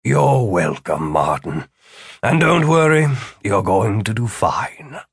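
A man voicing a calm, kindly male wizard mentor who reassures and jokes dryly. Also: mid-range voice, normal speed, gravelly, husky, voice pushed up. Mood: reassuring.

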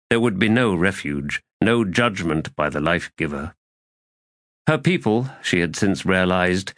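Solemn low-voiced male narrator. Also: a bit bright, dry recording, clean studio sound. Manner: measured, solemn delivery. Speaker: audiobook narrator. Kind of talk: scripted fantasy narration.

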